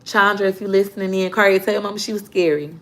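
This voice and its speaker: A woman in casual vlog storytelling, animated and joking. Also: mid-range voice, fast, background noise. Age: adult. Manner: animated storyteller, acting out quotes. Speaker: vlogger.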